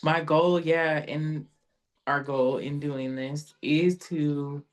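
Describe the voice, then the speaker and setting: A woman's voice: sits low, fairly even intonation, slow. A woman hosting a podcast, listening with short agreements and closing with thanks. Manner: warm backchannels, thankful wrap-up. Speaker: podcast host. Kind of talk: casual podcast conversation.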